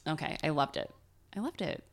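A woman's voice: low-pitched, expressive, a little fast. A woman co-hosting a casual true-crime podcast, chatty and giggly as she tells the story. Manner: chatty, giggly, reads ads playfully. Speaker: podcast co-host.

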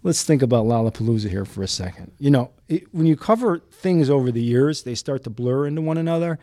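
A man's voice: mid-range voice, fairly quick, no room sound, clean studio sound. A man from Chicago, a news photojournalist, telling stories as a guest in a casual chat. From Chicago, USA. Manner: animated, lively storyteller.

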